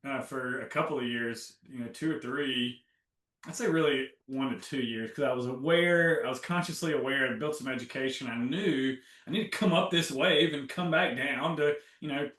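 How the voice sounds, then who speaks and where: A man being interviewed about his healing, animated and acting out his own inner dialogue. His voice is bright and forceful. It comes from a little off the mic in an echoey room. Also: medium pitch. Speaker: guest, health coach. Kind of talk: casual interview talk. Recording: roomy, from a distance.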